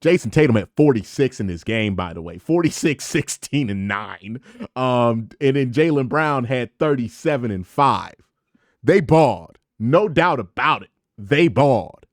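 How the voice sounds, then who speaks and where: A man giving an excited, slangy reaction to a basketball game, with animated emphasis and sound effects. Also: mid-range voice, measured pace, no echo, studio quality. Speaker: sports commentator vlogger. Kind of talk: excited casual sports reaction.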